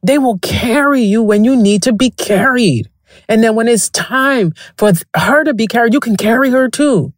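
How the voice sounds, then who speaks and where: A woman's voice: on the high side, normal speed, no echo, clean studio sound. A woman hosting a podcast, telling stories in a frank, profane, casual way and laughing often. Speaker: podcast host. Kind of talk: casual storytelling monologue.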